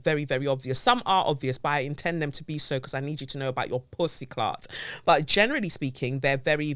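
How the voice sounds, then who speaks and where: Bright, chatty woman podcaster. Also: sits low, dry recording, studio quality. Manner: chatty, digressive, playful. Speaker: podcast host. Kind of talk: casual solo podcast chat. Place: home office with window blinds up. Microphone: mic on a stand close to her face.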